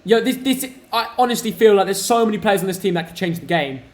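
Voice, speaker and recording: A young man hosting a live football watch-along stream, chatty and excitable, talking to his viewers. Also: high-pitched, fast. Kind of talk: casual live match watch-along commentary.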